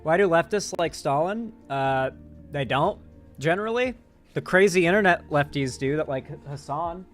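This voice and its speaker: A man's voice: fairly high pitch, lively intonation, moderate pace. Casual streamer man, faint music behind. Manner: casual, rambling, reacts to chat. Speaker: political commentary streamer. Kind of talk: live stream chat reading.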